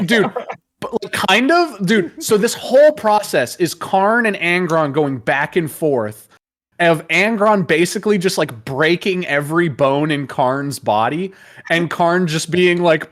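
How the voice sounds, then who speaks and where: Laughing, animated male storyteller. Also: a little high, a little slow. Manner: animated, laughs often, profane. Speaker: host. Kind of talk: casual lore storytelling chat.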